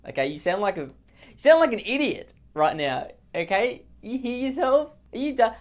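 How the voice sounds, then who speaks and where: A man's voice: extremely high pitch, big pitch swings, moderate pace, pitched above the performer's own voice. A man doing a pompous, insulting politician. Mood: dismissive, then mocking. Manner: boastful, rambling, trades in childish insults. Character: pompous insulting male politician at a press conference.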